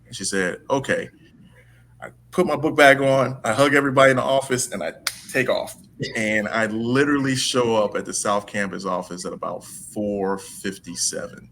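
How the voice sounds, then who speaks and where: A man telling stories as an interview guest in a casual, animated way, acting out the dialogue. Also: on the low side, moderate pace, slight background noise. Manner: animated, acts out dialogue with laughs. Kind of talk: casual storytelling.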